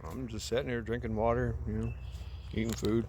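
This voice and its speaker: With heavy background noise around him, a man vlogs outdoors by a path, casually retelling a movie in a rambling, profane way while laughing at himself. He talks fairly quickly in a mid-range voice with little pitch movement, using a camera mic.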